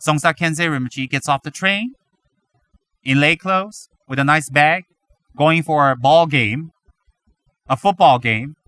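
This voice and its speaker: A man giving a Buddhist teaching, animated and dramatic, acting out his students' complaints. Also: fairly high pitch. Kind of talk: dharma teaching talk.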